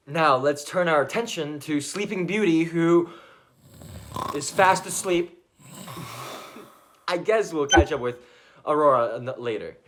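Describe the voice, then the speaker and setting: Slow, awkward man mock reporter. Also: fairly high pitch, lively intonation, a bit bright. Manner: awkward, hesitant. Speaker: field reporter in a comedy sketch. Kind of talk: mock news interview.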